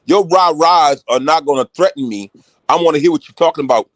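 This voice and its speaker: A man talking loudly and excitedly in casual chat with rough, profane language. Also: fairly high pitch, a little fast, no room sound. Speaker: show regular.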